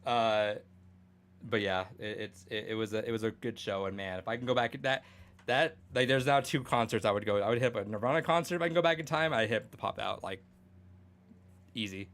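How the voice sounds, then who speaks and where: A man's voice: on the low side, fairly quick, fairly bright tone. A young man co-hosting a podcast in casual chat, rambling with many fillers, restarts and swearing. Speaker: podcast co-host.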